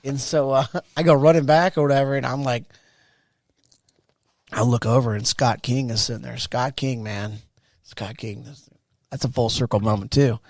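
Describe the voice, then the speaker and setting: A man in his forties, a veteran guest, telling a story in a casual interview with slangy, animated delivery. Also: medium pitch, normal speed, pauses often, no room sound. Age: 40s. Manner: animated, acts out quoted voices, slangy.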